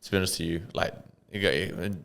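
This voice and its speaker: A man co-hosting a podcast, talking in relaxed, offhand casual chat with casual swearing. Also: deep voice, fast talker, creaky. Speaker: podcast co-host.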